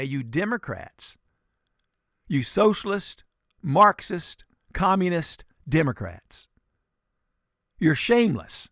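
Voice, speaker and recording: A man's voice: sits high, a bit bright, dry recording, clean studio sound. A man, filling in as a talk radio host and delivering fiery, indignant commentary.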